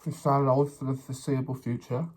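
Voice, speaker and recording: A man chats casually to the camera during a mukbang. He talks while eating, sometimes with his mouth full. His tone turns sassy at times, in a mid-pitched voice. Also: little pitch movement, a little fast, a little mellow. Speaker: mukbang vlogger.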